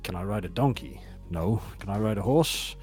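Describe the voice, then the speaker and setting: A man's voice: on the low side, animated, normal speed, a little mellow, faint music behind. A man playing a tabletop game, making dry, wry remarks in character. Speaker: player.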